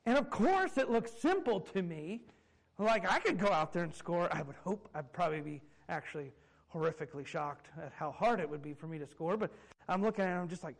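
A man's voice: high-pitched, animated, brisk, vocal fry, low-quality recording. A man in his thirties, a pastor preaching a sermon, telling stories with self-mocking humor and chuckles. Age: 30s.

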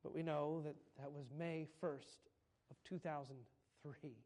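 A male pastor preaching a sermon, telling stories and building to slow, emphatic points. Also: a little high, fairly even intonation, darkish tone. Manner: preaches with swelling emphasis, slowing on key phrases.

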